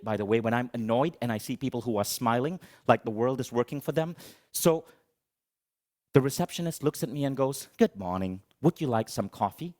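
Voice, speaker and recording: A middle-aged man giving a motivational talk on stage, telling a comic story in an animated, dramatic, self-mocking way. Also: medium pitch. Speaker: motivational speaker.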